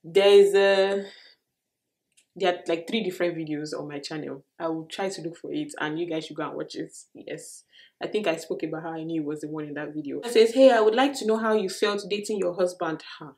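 A woman's voice: on the low side, a little fast, a little mellow. A young Nigerian woman with a Nigerian accent, chatting expressively and laughing often as she answers viewer questions in a casual vlog.

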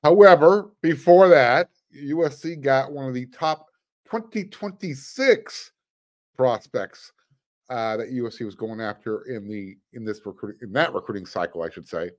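A man's voice: medium pitch, animated, normal speed. A man hosting a sports podcast, talking casually with fillers, restarts and dry sarcastic asides. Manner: chatty, with fillers and frequent restarts. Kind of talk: casual commentary.

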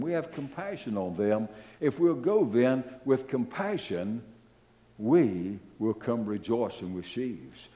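An older man preaching a sermon as pastor, telling stories with repeated phrases and hesitant fillers. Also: mid-range voice. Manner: animated, repetitive, fillers, storytelling.

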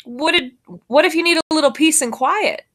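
A woman's voice: high voice, moderate pace, fairly bright tone, voice pushed up. A woman reading the part of a curious, friendly country boy, who speaks eagerly and asks lots of questions.

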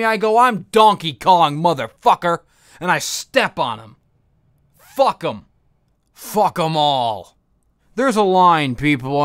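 A foul-mouthed, bitter young female robot pilot rants through a comedic monologue, as a man puts her on in his own voice. The delivery is profane and self-pitying, pitched high for a man and smooth in tone, with a dry, close sound. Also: fairly bright tone, dry recording.

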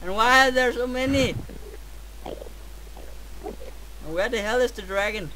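A man with a Danish accent, hosting a gameplay video with dramatic, excitable commentary and shouts. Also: very high-pitched, takes it slowly, slight background noise, poor audio. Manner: dramatic, yelps and shouts at the game.

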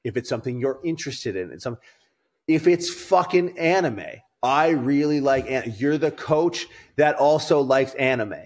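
A man's voice: medium pitch, normal speed, darkish tone. Man, podcast co-host, casual chat, swears a lot, rambling storyteller, mid-range voice.

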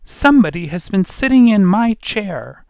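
A man voicing a tiny male bear cub with a sharp, shrill voice in a storybook reading. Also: big pitch swings, normal speed, vocal fry, clean tone, no echo, clean studio sound, full character voice. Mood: indignant.

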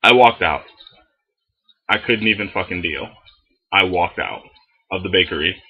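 A young man telling a story in a casual vlog, animated and full of swearing. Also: deep voice, a little slow, slightly rough, highs cut off. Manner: animated, heavy swearing, lots of fillers. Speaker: vlogger.

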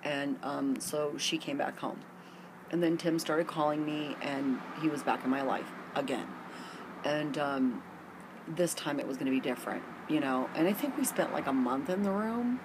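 A woman's voice: low-pitched, moderate pace, noisy background. A middle-aged woman telling a long personal story to camera in a rambling, candid way with many fillers, recorded outdoors in a garden. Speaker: vlogger.

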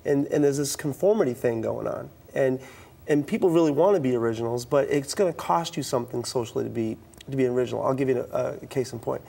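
Gravelly middle-aged man telling stories. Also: medium pitch, quick pace. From East Coast of the US. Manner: animated, acts out quoted dialogue, frequent restarts. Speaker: youth speaker. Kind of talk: storytelling in a talk-show interview.

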